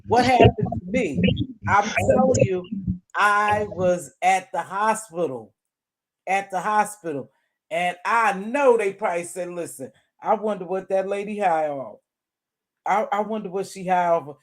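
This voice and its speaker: Middle-aged woman livestream host, lively storyteller, laughs a lot, loud then hushed. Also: medium pitch, unhurried. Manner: animated, laughing, swings loud and soft. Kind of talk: casual storytelling chat.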